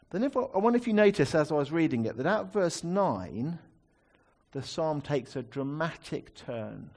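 A man preaching a sermon in a conversational teaching manner. His voice sits a little high for a man and swings widely in pitch. He steps in and out of the verses he reads with easy rhetorical asides. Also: darkish tone.

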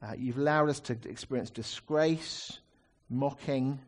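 A man's voice: medium pitch, unhurried. A man preaching a sermon, explaining a psalm in a conversational teaching manner with rhetorical asides.

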